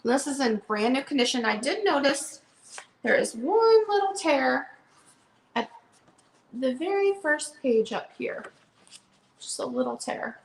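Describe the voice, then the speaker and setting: Woman, casual chatty seller, somewhat high-pitched, unhurried, echoey room. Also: very animated, gravelly. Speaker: online bookseller. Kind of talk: live sale chat. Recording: roomy echo.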